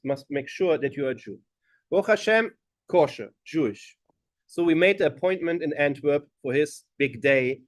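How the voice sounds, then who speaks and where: A man's voice: on the high side, no echo. A man, a rabbi telling a story at a community gathering and acting out the voices of the people in it. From Germany. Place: gathering hall.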